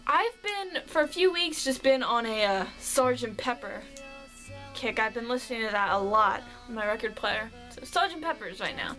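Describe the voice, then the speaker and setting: A woman's voice: on the high side, expressive, moderate pace, sharp tone, soft background music, low-quality recording. A young woman vlogger chatting casually through a fan question list, rambling and a bit shy.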